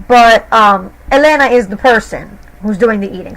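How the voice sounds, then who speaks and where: A woman's voice: fairly high pitch, expressive, brisk, hardly any pauses, fairly bright tone, low-quality recording. A woman teacher explaining grammar to her students patiently, step by step, in a recorded lesson. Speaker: Spanish teacher.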